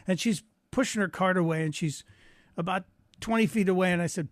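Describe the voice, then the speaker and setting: A man's voice: high voice, normal speed, no room sound. A man filling in as a radio talk show host, telling joking anecdotes in a chatty monologue from a studio microphone.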